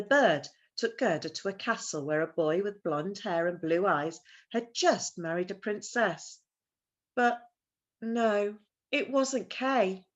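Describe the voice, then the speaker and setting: A woman reads a children's story aloud with animated expression. Her pitch sits mid-range but swoops lively across phrases. A storyteller's warm delivery.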